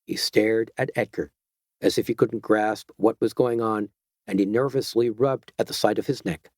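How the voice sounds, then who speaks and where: A man narrating an audiobook in a measured, even storytelling voice. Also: fairly low pitch, no echo, clean studio sound. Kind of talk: scripted narration.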